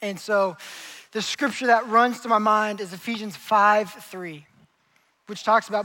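A young man preaching a sermon as a pastor, telling stories with lively acted-out characters. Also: sits high, unhurried, rough recording. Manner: animated storytelling, acts out characters.

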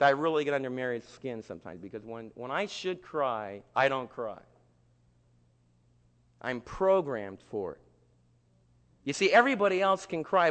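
A man preaching a sermon, swinging from near shouts to hushed tones and acting out the voices of churchgoers. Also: medium pitch. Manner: acts out quoted voices of churchgoers. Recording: long hall reverb.

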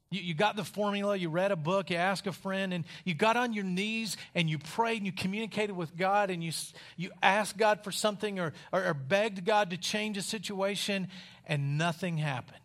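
Man, high-pitched voice, preacher, casual wry storytelling, dramatic pauses. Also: a bit bright. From West Virginia. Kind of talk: storytelling sermon.

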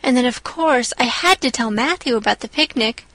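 A woman's voice: fairly high pitch, moderate pace, fairly bright tone, dry recording, close to an everyday voice. A woman voicing an eleven-year-old orphan girl, imaginative and chattering, who speaks breathlessly and gushes in her audiobook reading. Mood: breathless pleading. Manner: breathless, gushing, rapturous.

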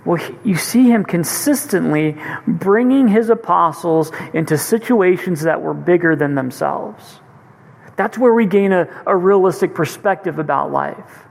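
A man with a notably high voice preaches in a sermon, retelling scripture stories earnestly and pressing the point home. His voice rings out with a long reverb, as if filling a large church hall. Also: a little slow, gravelly.

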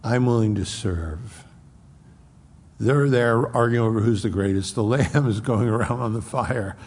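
A man's voice: on the low side, unhurried, darkish tone, breathy edge, big-room sound. A man preaching an expository sermon as pastor, conversational and acting out quoted speech.

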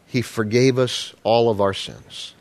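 A man's voice: mid-range voice, fairly even intonation, a little slow, a little mellow. A man preaching a sermon in a conversational style, asking the congregation rhetorical questions. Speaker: pastor.

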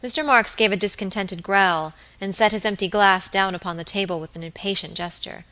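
Woman, audiobook narrator, bright clear tone, measured expressive reading, classic novel. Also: medium pitch, poor audio.

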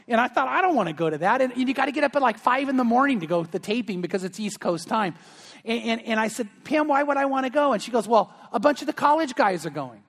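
A man preaches from the pulpit, and his voice sits high for a man. He tells stories with animated energy, acting out the voices of the people in them and stumbling over fillers and restarts. The sound carries the long reverb of a church sanctuary. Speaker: pastor. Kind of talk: sermon with storytelling.

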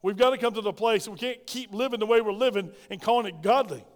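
A man's voice: high-pitched, quick pace. A man preaching a sermon as pastor, emphatic and questioning his congregation. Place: church. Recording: reverberant church hall.

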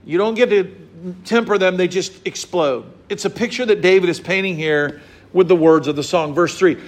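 A man preaching a sermon to his congregation, acting out little scenes and voices as he explains a psalm. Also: moderate pace. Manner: animated, acts out scenes and voices with big pitch swings. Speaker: pastor.

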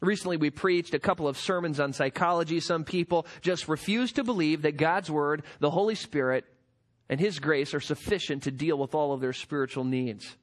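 A man's voice: on the high side, normal speed. A man preaching a sermon as pastor, emphatic and full of rhetorical questions.

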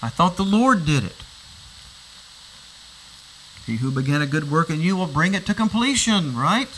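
A male pastor with an expressive, bright voice on the high side preaches at a moderate pace, teaching from a passage and posing rhetorical questions. He often repeats words as he starts over. The low-quality recording carries a little hiss or hum.

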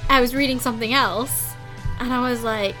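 A female co-host with a fairly high voice chats about a book, chiming in with quick, playful remarks. Faint music plays in the background. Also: fairly even intonation, bright, forceful tone, rough recording. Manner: quick interjections, playful teasing. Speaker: podcast co-host. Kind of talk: casual chat about a book.

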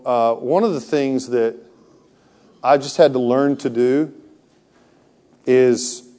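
A man's voice: mid-range voice, dark tone. Pastor guy teaching at church, earnest, keeps restarting his words. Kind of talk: evening teaching talk.

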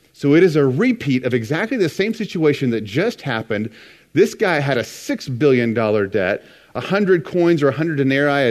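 A man preaching a conversational sermon, retelling scripture with casual asides. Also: medium pitch. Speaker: pastor.

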